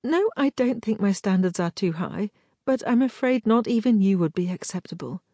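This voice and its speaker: A genteel young lady speaking with careful, light politeness, as a woman reads her. The tone is slightly husky and moves up and down with lively inflection. The recording is dry and close. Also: mid-range voice, moderate pace, dry recording, pitched above the performer's own voice. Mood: light, evasive. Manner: polite, light and well-mannered. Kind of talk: audiobook character voice.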